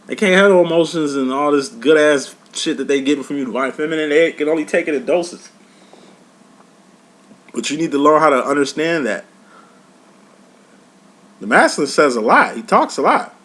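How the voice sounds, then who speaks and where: A man giving a casual tarot reading to his viewers, talking in a blunt, profane, preachy tough-love way. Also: mid-range voice. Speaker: tarot reader and life coach.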